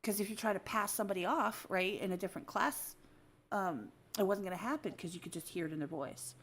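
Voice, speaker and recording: A woman's voice: medium pitch, brisk, a bit bright, slight background noise. A woman hosting a loose, unscripted podcast conversation. She talks at length, circles back to make her point, and laughs often between sentences. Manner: chatty, laughs often, explains things at length. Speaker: podcast host. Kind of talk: casual unscripted chat.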